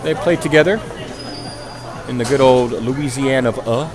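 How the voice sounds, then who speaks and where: A man calling a ball hockey game play by play, tired after hours of talking, joking at his own expense and getting louder on goals. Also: medium pitch, normal speed, crowd noise. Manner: joking, self-mocking, rising excitement on goals. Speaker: play-by-play commentator.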